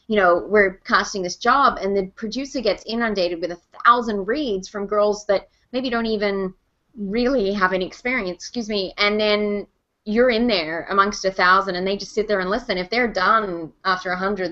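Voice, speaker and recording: A woman with a bright, forward voice chats through an interview, spinning animated stories and laughing easily. Her voice comes through a somewhat muffled, lo-fi online call. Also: medium pitch. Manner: chatty, animated storyteller, quick laughs. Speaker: voice actor and host. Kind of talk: casual interview chat.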